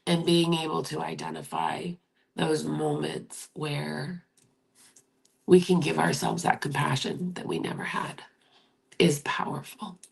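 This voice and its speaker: Woman in her 50s doing a live chat, low husky voice, soft and encouraging, goes near whisper sometimes. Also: flat delivery, a little slow. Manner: gentle, encouraging, often drops to a near whisper. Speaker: livestream host. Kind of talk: live-stream chat reading viewer comments.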